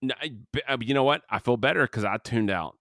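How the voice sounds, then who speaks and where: With the hiccups, a male podcast co-host rambles through a casual movie review, restarting sentences as he goes. He speaks at a quick pace with a medium-pitched, slightly bright voice, recorded in studio quality with no room sound.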